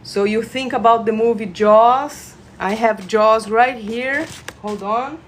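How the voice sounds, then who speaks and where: Slow, soothing woman guiding a healing session. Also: on the high side, slight background noise. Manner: slow, soothing guiding voice with bursts of excited laughter. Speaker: reiki practitioner. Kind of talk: live guided energy-healing session. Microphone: phone livestream.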